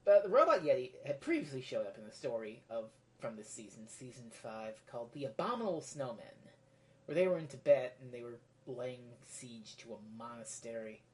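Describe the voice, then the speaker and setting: Woman doing a solo review, super deep voice, rambly, wanders off on tangents. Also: animated, moderate pace. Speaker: video reviewer. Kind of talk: casual solo review monologue.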